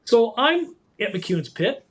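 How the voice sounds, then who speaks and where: A man in his sixties, a guest in a conversation, telling animated anecdotes and acting out the quotes. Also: extremely high pitch, a little hiss or hum. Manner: animated, quick storyteller who acts out quotes.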